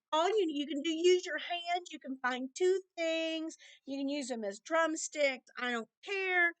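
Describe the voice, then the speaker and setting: A woman's voice: high voice, fairly bright tone, no room sound. A woman teaching a recorded music lesson to children, patiently explaining rhythms and counting them aloud.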